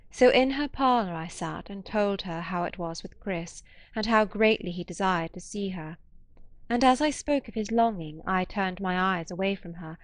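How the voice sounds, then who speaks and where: Female audiobook narrator, measured and expressive, mid pitch, dry close recording. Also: no room sound.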